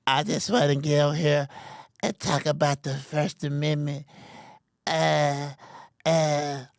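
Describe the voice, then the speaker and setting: A man putting on the voice of a timid, soft-spoken young man to mock him, halting and drawn out. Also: fairly high pitch, steady tone, vocal fry, smooth, no room sound, clean studio sound, voice pushed down. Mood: meek.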